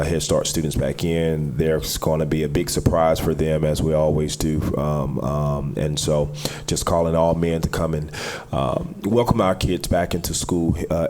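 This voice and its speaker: A man with an extremely deep voice makes announcements as a councilman. He speaks haltingly and pauses often, with faint room noise behind him. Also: a little mellow. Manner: halting, many fillers. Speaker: city councilman. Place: city council chamber.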